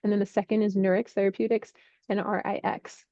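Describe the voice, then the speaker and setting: A woman working as a healthcare investment analyst, clearly and methodically explaining drug industry developments. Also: medium pitch, little pitch movement, fairly quick, dark tone, no echo, dull audio.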